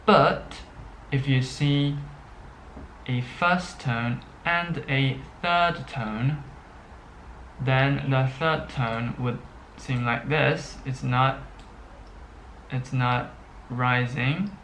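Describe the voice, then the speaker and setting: Very slow, halting male teacher. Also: medium pitch, fairly bright tone, slight background noise, rough recording. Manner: slow and halting, with many pauses and fillers; checks in often with "okay". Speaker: Chinese language teacher. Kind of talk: unscripted language lesson.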